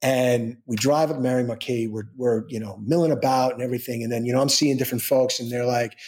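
A man's voice: mid-range voice, fairly even intonation, fast talker, darkish tone. A man guest in an interview telling a long personal story in a casual way, with many restarts and quoted dialogue he acts out. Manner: rambling, with frequent restarts and acted-out quotes.

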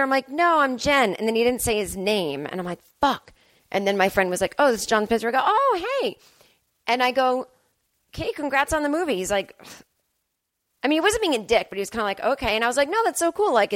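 In a hotel room, a woman comedian in her thirties hosts a casual solo podcast, rambling and making fun of herself. When quoting herself, she leaps into high, excited voices. The recording is dry.

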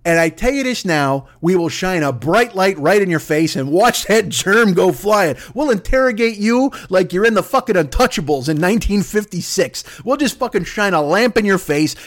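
A man puts on a brash, boastful president who sells reckless ideas like a street hustler. He swears freely and swaggers through every line. The voice swings high and bounces all over the place. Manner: swaggering, profane, salesman-like. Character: brash boastful male president pitching dangerous cures.

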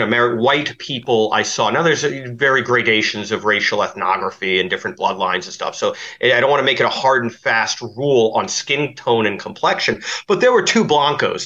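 A man talks at length as a guest on a podcast, in a bright, forceful voice. He rambles, stacking fillers and restarts. The audio is dull and lo-fi. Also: medium pitch. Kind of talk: podcast interview.

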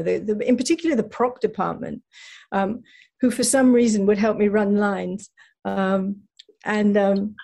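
English woman guest, husky tone, self-deprecating, halting delivery. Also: medium pitch, dark tone. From England. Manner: self-deprecating, many restarts and laughs. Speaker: actress guest. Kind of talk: casual interview chat.

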